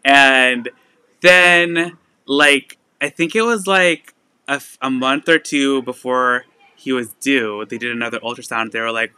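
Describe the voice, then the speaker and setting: A young man chatting away as he hosts a live sale stream, his voice bright and forward. The tone is smooth and clean, recorded dry and close with no room sound. He rambles easily, full of fillers and little laughs. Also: mid-range voice, steady tone, normal speed, dry recording. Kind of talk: casual live-stream chat.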